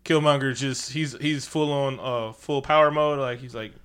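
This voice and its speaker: A man casually recapping a movie with a friend, retelling scenes animatedly and jumping into exaggerated high-pitched voices for the characters. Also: steady tone, moderate pace, a bit bright, clean tone.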